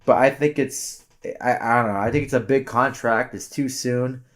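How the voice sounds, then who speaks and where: A man's voice: mid-range voice, fairly even intonation, moderate pace. A man co-hosting a sports podcast in casual chat, rambling with many restarts and fillers and catching his own swearing. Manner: candid, self-correcting swears. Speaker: podcast co-host.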